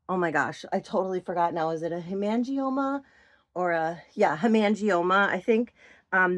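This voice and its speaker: A woman's voice: mid-range voice, fairly bright tone. A woman, chatting casually and gushing over her collection. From Minnesota. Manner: gushing, doting, with drawn-out praise. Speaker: doll collector vlogger. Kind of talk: casual chat to viewers.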